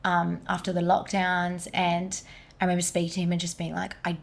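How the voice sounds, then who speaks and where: A woman, a guest energy healer, telling a personal story in animated casual conversation with lots of "like". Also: on the low side, a little fast, gravelly. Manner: animated, many fillers like "like".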